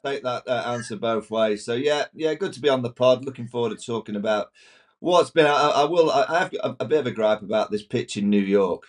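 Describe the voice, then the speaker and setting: A man's voice: medium pitch, a little fast. A man from England, a podcast guest, chatting casually with a hesitant, stammering manner. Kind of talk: casual chat.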